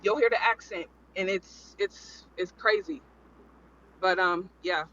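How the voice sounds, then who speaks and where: A man with a very high, bright voice talks in rambling bursts, hammering his points by repeating them. The recording is slightly muffled, with faint noise underneath. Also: slow. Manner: rambling, emphatic, repeats himself. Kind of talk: casual panel chat.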